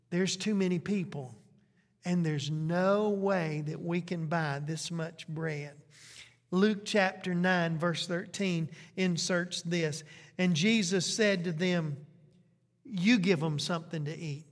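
A man preaching a sermon, questioning his congregation and stretching out phrases for emphasis. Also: high voice. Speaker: pastor. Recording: long hall reverb.

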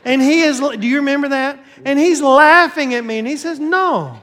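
A man preaching as a pastor, lively and joking, calling out to his congregation through a handheld microphone in a church sanctuary. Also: very high-pitched, brisk. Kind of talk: sermon with announcements. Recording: long church hall reverb.

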